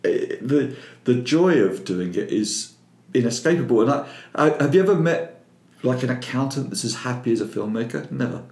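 An older Cockney filmmaker from London, England, speaks at medium pitch and normal speed with a gravelly voice. As an interview guest in casual chat, he tells stories animatedly and repeats words as he starts. The recording has a roomy echo.

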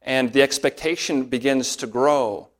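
A man's voice: mid-range voice, unhurried. Earnest male pastor preaching. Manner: earnest, emphatic, varies pace for emphasis. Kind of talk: expository sermon.

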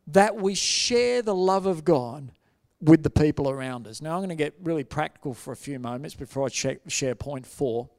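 Aussie pastor guy mid-sermon, kinda high voice, acts out the people in his stories. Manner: animated storytelling, acts out quoted voices.

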